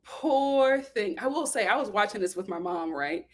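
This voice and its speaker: A woman casually recapping a reality TV episode, animated, acting out quotes and laughing often. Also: mid-range voice, normal speed. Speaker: reality TV commentator.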